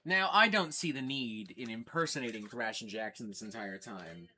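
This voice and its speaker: A man's voice: mid-range voice, expressive, normal speed, bright, forceful tone, a little hiss or hum. A man hosting a casual livestream from a record store, rambling and swearing as he jokes around. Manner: rambling, profane, jokey. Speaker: livestream host.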